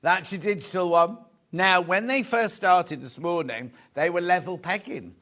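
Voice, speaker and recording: Chatty TV sales host, higher-pitched man. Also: a little slow, a bit bright. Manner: chatty, jokey, self-correcting as he goes. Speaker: shopping TV presenter. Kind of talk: live selling chat, reading viewer messages. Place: TV studio.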